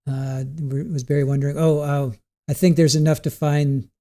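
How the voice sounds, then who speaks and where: A man with a mellow, slightly higher voice chats casually on his livestream, rambling from point to point. He reads out viewer comments and answers them. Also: flat delivery, moderate pace. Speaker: livestream trial commentary host.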